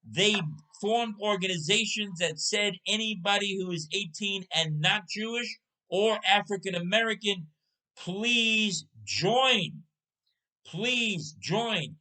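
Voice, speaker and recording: A man's voice: high-pitched, pushed and bright, poor audio. A man in his sixties hosting a casual talk show, telling stories and putting rhetorical questions to his listener. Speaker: podcast host. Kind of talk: casual storytelling chat.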